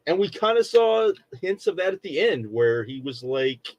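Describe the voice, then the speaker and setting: A man's voice: medium pitch, sing-song, measured pace, few pauses, no echo, muffled recording. A middle-aged man co-hosting a podcast, chatting casually and rambling through a review with lots of fillers and restarts. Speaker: podcast co-host.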